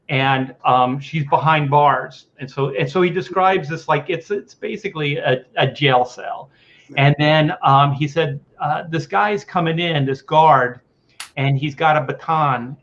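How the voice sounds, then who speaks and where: A man's voice: a little high, a bit bright, highs cut off. A man, a comic artist, telling a story on a casual group video call. He acts out the other people's lines as he goes.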